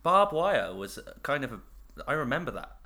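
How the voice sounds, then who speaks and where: A man's voice: mid-range voice, very animated, moderate pace, bright, forceful tone. A man co-hosting a podcast, trading teasing, jokey quips. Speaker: podcast co-host. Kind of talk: casual chat.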